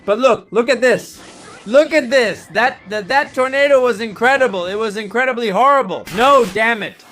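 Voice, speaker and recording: A man with a very high, bright, forceful voice runs excited gameplay commentary, cheering and cursing at every play. Faint music plays behind him. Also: normal speed. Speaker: gaming channel host.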